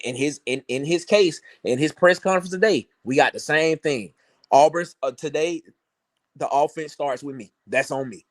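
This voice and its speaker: A man's voice: on the high side, dry recording, studio quality. A man co-hosting a casual sports reaction show, emphatic and sarcastic, often repeating words as he builds a point. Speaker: sports talk co-host.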